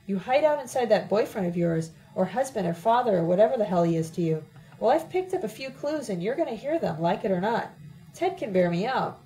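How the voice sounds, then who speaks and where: A woman's voice: medium pitch, mellow, natural voice, poor audio. A woman reading the part of an angry young man who scolds bluntly and crudely, in an audiobook.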